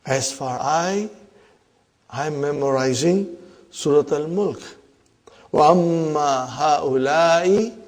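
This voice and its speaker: A man teaches a grammar lesson at a deliberate, unhurried pace, repeating each term and checking in with "huh?" His voice sits a little high, and a long reverb trails his words, as in a large room. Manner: slow, repetitive, addresses "brothers and sisters", checks understanding with "huh?". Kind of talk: explanatory lesson.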